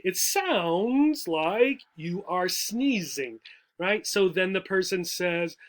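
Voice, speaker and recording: Male teacher, high-pitched, patient explainer, keeps asking "right?", lesson for English learners. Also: lively intonation, slow pace. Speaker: adult education teacher.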